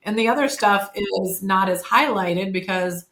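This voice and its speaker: A woman in her fifties talking as a podcast guest, candid and chatty, often pausing on fillers and correcting herself mid-sentence. Her voice sits in a middle pitch and is recorded in a noticeably echoey room. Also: fairly bright tone. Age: 50s. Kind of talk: casual conversational interview.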